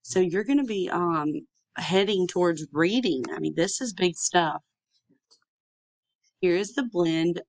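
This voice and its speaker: A woman teaching a phonics lesson to young children, sounding out letters slowly and stretching each sound. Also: lowish voice, lively intonation, no room sound.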